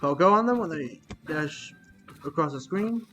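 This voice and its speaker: A man's voice: a little high, expressive, normal speed, bright, forceful tone, soft background music. A man giving casual commentary while streaming a game, reacting aloud and talking to his chat.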